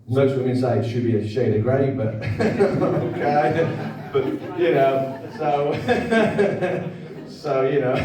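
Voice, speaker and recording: A man's voice: mid-range voice, mellow, a little hiss or hum. A man giving a conversational, repetitive talk to an audience, often asking them to agree. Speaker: speaker at a public event. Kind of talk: informal lecture to an audience. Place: hall. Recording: echoey hall, voice from far off.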